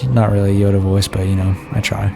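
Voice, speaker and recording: A man's voice: on the low side, monotone, quick pace, vocal fry, music in the background. A tired man streaming a horror game, rambling and self-mocking as he talks to his chat while keeping his voice down late at night. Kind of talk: casual live-stream commentary.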